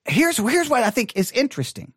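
In a clean, dry studio recording, a man with a very high, sing-song, breathy voice leads a Bible study at a fairly quick pace. He reads scripture aloud and discusses it conversationally, often restarting sentences and repeating words, while being mildly critical of typical sermons.

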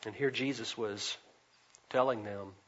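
A man preaching an expository sermon, swinging between loud emphasis and quiet asides. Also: lowish voice, fairly even intonation, measured pace, husky, lo-fi sound. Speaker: pastor.

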